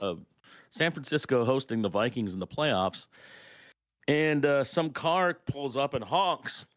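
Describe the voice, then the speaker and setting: A middle-aged man co-hosting a podcast, telling lively, profane stories in casual chat. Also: medium pitch, unhurried, dry recording, studio quality. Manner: storytelling, animated, swearing freely. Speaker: podcast co-host.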